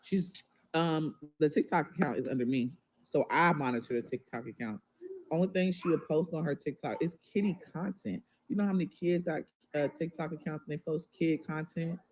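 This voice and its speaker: A woman's voice: low voice, normal speed, a little mellow, a little hiss or hum, low-quality recording. A mother talking to viewers on a livestream, rambling and emotional, often turning to the audience with y'all. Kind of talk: casual livestream talk to viewers.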